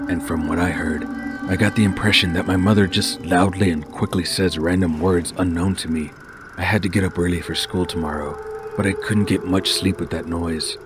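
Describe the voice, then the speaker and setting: A man narrating a scripted first-person horror story in a steady, measured way. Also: low voice. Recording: noisy home recording.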